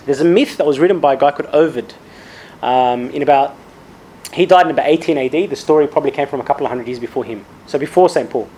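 A man's voice: medium pitch, fast talker, dark tone, a little hiss or hum, low-quality recording. A man preaching a sermon, retelling a myth and acting out the quotes, with frequent "all right?" and "okay?" checks to his listeners.

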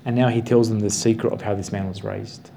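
Mellow-voiced man teaching Bible study. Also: fairly low pitch, little pitch movement, a little hiss or hum. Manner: slow, emphatic stresses with repetitions.

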